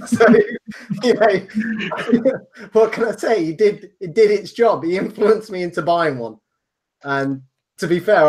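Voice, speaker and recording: A man from England giving his view in a casual panel chat, measured and hesitant with frequent ums. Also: a little high, a little mellow. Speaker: panel guest.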